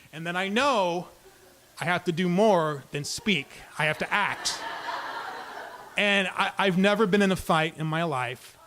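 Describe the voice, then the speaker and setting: A man with a fairly high voice tells a true story to a live audience. He keeps it conversational, with well-timed comic asides between the tense moments. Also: a bit bright, a little hiss or hum.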